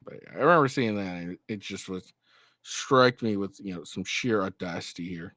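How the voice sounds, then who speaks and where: A man's voice: deep voice, normal speed, a bit bright, no echo, studio quality. A man hosting a political commentary vlog, ranting in a mocking, profane way. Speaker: host.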